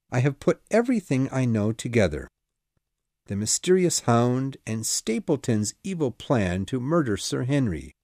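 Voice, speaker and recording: A man voicing an urgent, commanding middle-aged male detective in an audiobook, with brisk exclamations and reasoning. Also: medium pitch, darkish tone, dry recording, clean studio sound, heavily acted. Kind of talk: audiobook character reading.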